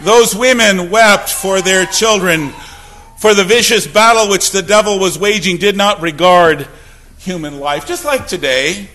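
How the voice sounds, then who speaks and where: A man preaching a sermon from the pulpit, swinging from loud declarations to hushed, low passages. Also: measured pace. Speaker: pastor.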